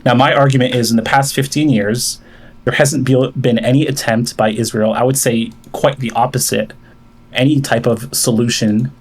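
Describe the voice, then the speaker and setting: A man with a gravelly, creaky voice argues his side on an online debate call. He builds his case at length, with frequent fillers and restarts. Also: medium pitch, steady tone, normal speed. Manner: lays out a long argument with many fillers and restarts. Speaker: caller debating the host.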